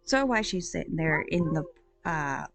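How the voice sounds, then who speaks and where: A woman's voice: deep voice, expressive, moderate pace, gravelly, faint music behind. A woman hosting a casual book review, chatty and rambling with lots of ums and likes. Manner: chatty, rambling, with many fillers.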